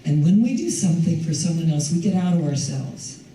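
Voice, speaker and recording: A woman's voice: deep voice, lively intonation, fairly quick, warm tone, a little hiss or hum. An older woman minister giving a conversational sermon, laughing often, her voice a little strained after losing it recently. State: recovering from lost voice. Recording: echoey hall from far off.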